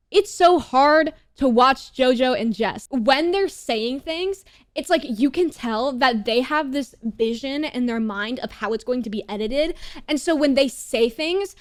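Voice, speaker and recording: A woman's voice: sits high, no room sound, studio quality. A woman giving a casual, blunt commentary on a TV show, swearing often and saying "bro" between lines. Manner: animated, jumps into loud asides. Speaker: YouTuber reviewing a TV show.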